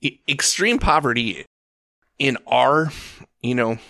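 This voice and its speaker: A man co-hosting a casual faith discussion, an animated storyteller who acts out the people he quotes. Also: mid-range voice, slow pace, gravelly, no echo, studio quality.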